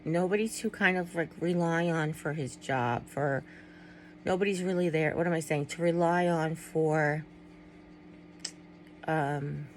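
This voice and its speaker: A woman's voice: low voice, unhurried, pauses often, a little hiss or hum, rough recording. A middle-aged woman vlogging to her viewers in a candid, rambling way, often trailing off and restarting. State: tearful at times. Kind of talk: personal vlog, talking to viewers.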